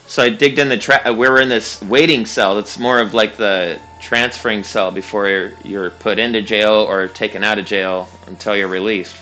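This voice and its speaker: Streaming a game, a young man tells a long, casual story, rambling and swearing with plenty of fillers and laughter. His fairly low voice is bright and forceful, with fairly even intonation, a moderate pace and hardly any pauses. Soft music plays in the background.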